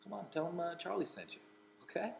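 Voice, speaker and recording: A man doing a bubbly, friendly male TV star, pitched well up from the teller's own low voice. He sounds upbeat and eager, tossing out quick easy replies. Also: expressive, creaky, echoey room, a little hiss or hum, exaggerated voice. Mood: excited.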